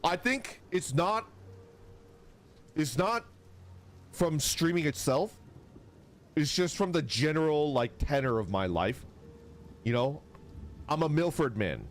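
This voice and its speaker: A man streaming live, chatting casually with viewers and reading their messages aloud, swearing freely. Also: on the high side. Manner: lively, swearing, reads chat aloud.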